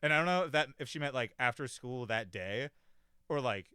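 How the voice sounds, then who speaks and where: Rambling man with a lively bright voice. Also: medium pitch, fairly quick, smooth, no echo, studio quality. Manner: rambling, lots of "like", swears, mimics characters. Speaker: podcast host reviewing a cartoon. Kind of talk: casual chat.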